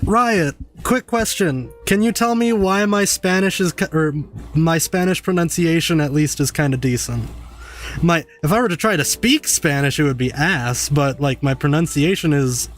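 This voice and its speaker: A man's voice: a little high, moderate pace, faint music behind. A young man streaming a game and chatting with viewers, swearing freely as he talks. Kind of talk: casual gameplay commentary.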